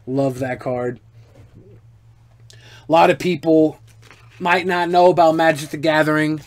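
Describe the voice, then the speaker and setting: Animated, profane man telling stories. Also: on the high side, unhurried, no room sound. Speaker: streamer answering viewer questions. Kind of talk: casual storytelling.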